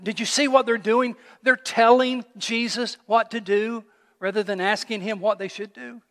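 A male pastor preaching a sermon with animated storytelling. He asks the congregation rhetorical questions. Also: high-pitched, moderate pace, in a large hall.

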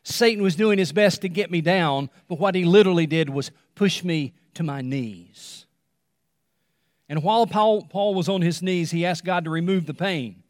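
A male pastor preaching a sermon, repeating phrases for emphasis and dropping to a hush on key words. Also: sits high, dry recording, clean studio sound, long reverb tail. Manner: dramatic pauses, repetition, drops to a hush on key words.

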